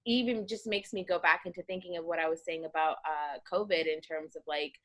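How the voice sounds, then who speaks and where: A young woman hosting a podcast, chatting in a lively, rambling storytelling way with lots of fillers. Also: fairly low pitch, fairly quick. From United States. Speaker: podcast host. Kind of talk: casual interview chat.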